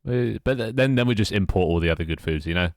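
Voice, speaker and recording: A young man with a British accent talks loosely and wryly as he works through tasks on his game. His voice sits low, and the sound is dry and close, with no room echo. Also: lively intonation, fast. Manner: rambling, wry, self-mocking. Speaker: game developer streamer. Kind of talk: casual live-stream chat while working.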